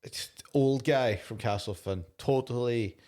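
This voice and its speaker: A man from Donegal with a Donegal Irish accent, a comedian co-hosting a podcast and telling gig stories in a sweary, animated way. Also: mid-range voice. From Lifford, County Donegal, Ireland. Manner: sweary, animated storytelling, quick laughs. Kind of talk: casual comedy chat.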